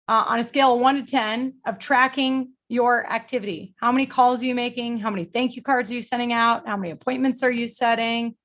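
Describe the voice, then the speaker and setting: A middle-aged woman leading a group coaching call, energetic and blunt, motivational, with casual swearing. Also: on the high side. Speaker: sales coach.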